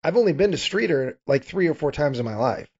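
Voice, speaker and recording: A man's voice: on the high side, animated, brisk, a little mellow, breathy edge. A man co-hosting a comedy podcast, chatting in a laid-back way and asking questions. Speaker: podcast co-host. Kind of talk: casual comedic chat. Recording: dull lo-fi sound.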